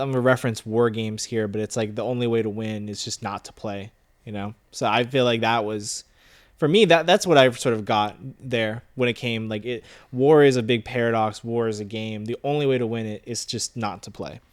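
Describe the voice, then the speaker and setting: A man's voice: medium pitch, a little fast. A man co-hosting a casual movie review chat, thinking aloud in a rambling way with many fillers. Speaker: podcast co-host.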